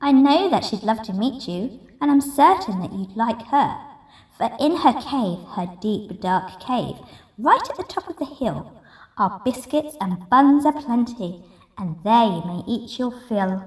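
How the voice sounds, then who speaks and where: A woman voicing a clever, polite female duck in a bright, chirpy voice, reading a picture book aloud. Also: a little high, very animated, unhurried. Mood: coaxing. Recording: roomy echo, distant mic.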